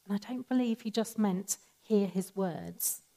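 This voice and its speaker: A woman giving a sermon in a calm, measured, conversational teaching manner. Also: medium pitch, rough recording. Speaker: preacher.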